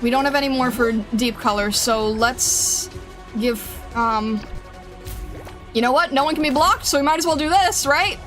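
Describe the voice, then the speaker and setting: A woman's voice: a little high, unhurried, a bit bright, faint music behind. A young woman streamer chatting to herself during gameplay, pleading with the game and reacting as she plays. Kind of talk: casual gameplay commentary.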